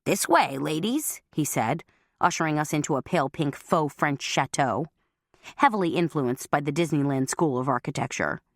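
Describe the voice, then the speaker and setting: A woman's voice: low-pitched, moderate pace, no room sound, studio quality. A woman reading a humorous cozy mystery audiobook in a wry, conversational first-person voice. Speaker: audiobook narrator.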